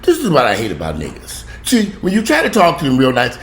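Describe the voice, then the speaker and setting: Man ranting, pitch swinging wildly. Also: huge pitch swings, fast, hardly any pauses, fairly bright tone, a little hiss or hum. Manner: heated, swearing, pitch jumping up when outraged. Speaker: vlogger. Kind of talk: angry profane rant. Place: at home. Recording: echoey room with faint ambience.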